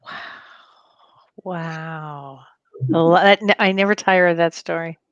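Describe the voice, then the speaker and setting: A woman's voice: on the low side, steady tone, slow pace, smooth, no echo, highs cut off. A woman co-hosting a casual talk show, affirming her partner and reading out viewer questions. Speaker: co-host. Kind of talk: casual chat.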